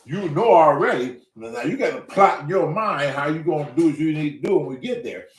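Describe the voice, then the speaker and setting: A man's voice: on the high side, fairly quick, distant mic. A man in his sixties telling a story casually, with heavy profanity. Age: 60s. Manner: profane, animated, drawling. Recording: roomy room, away from mic.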